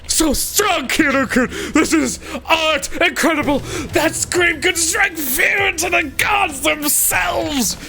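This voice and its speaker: A man voicing a flamboyant, gushing male fashion photographer who shouts theatrical praise. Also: extremely high pitch, slow, vocal fry, hardly any pauses, pitched above the performer's own voice, exaggerated voice. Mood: ecstatic.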